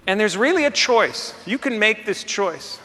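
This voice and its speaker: A man's voice: sits high, moderate pace, soft background music. A man giving a live keynote, telling a story and acting out voices and sounds. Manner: animated, acts out voices and sounds. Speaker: keynote speaker. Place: large hall with live audience. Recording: long hall reverb, faint ambience.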